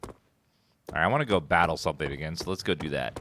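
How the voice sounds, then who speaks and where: A man casually commenting on gameplay, reading game text aloud and swearing when excited. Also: a bass voice, quick pace, slight background noise. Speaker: gaming streamer. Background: game music and sounds.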